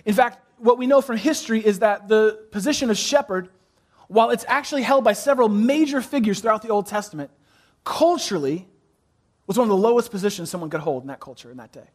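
Male pastor with a higher voice, preaching with pauses and softened key lines, prompts congregation to answer. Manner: preaching with dramatic pauses, dropping soft on key phrases; asks the congregation to fill in words. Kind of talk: sermon.

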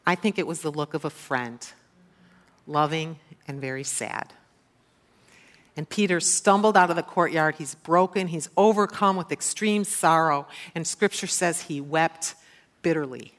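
A woman's voice: sits low, unhurried. A woman preacher giving a sermon, retelling a scripture story and asking the listeners questions.

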